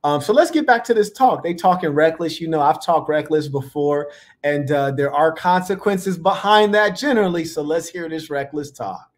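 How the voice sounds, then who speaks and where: A man's voice: fairly high pitch, moderate pace. A man hosting a live reaction stream, talking in a laid-back, playful, slang-heavy way. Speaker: livestream host. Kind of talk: casual live reaction commentary.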